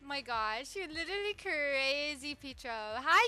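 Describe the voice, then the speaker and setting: A young woman streamer chats excitedly with her viewers, gushing over everything she finds. Her voice sits high and sounds bright and sharp. Faint music plays in the background. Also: unhurried. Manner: excitable, gushing, talks to chat. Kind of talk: live game stream chat.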